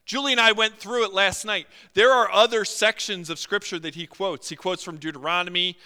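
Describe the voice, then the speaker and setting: A man preaching a sermon as pastor, animated, acting out quotes and often using fillers. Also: high voice, a little fast, clean tone. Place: church sanctuary. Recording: long hall reverb.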